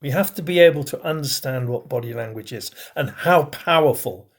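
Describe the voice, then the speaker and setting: A middle-aged man, a bishop, giving a recorded teaching talk on communication, stressing key words with pauses and swings in loudness. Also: mid-range voice, gravelly.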